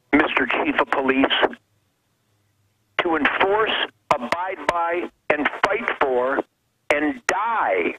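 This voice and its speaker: A man calling in as a guest, talking with fervent, preachy passion, his voice swinging from low to high. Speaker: caller-in guest. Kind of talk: fervent call-in commentary. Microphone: telephone. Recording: muffled noisy phone line.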